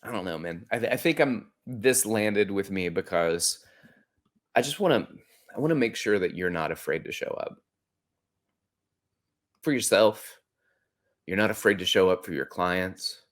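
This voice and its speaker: A man's voice: fairly low pitch, normal speed, long pauses. Earnest man hosting a podcast. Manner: earnest, conversational, animated when quoting. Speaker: podcast host. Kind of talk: reflective storytelling monologue.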